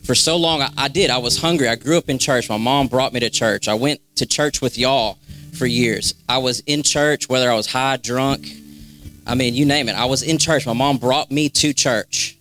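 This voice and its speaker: A man's voice: medium pitch, moderate pace, fairly bright tone, soft background music. A young man giving a spontaneous, fervent exhortation in a church, repeating phrases for emphasis. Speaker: church member sharing a word. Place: church sanctuary.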